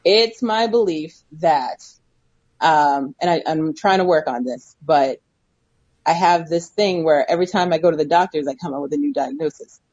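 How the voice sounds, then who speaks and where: A woman's voice: low voice, normal speed, darkish tone, no room sound, highs cut off. A woman co-hosting a casual talk show, chatting candidly, telling stories and laughing easily. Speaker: podcast co-host. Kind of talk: casual chat.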